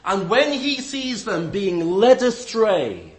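A man preaching in a slow, deliberate way, his fairly high voice rising and falling with great animation. He mixes dry, wry humor with earnest emphasis as he reads and explains scripture. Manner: slow, deliberate delivery with lively rise and fall. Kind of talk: sermon with scripture reading.

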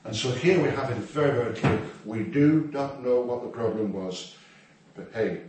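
A man's voice: mid-range voice, normal speed, a little mellow. A man preaching a sermon in a conversational, humorous way, with asides to the congregation. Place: church hall. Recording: echoey hall, distant mic, faint noise.

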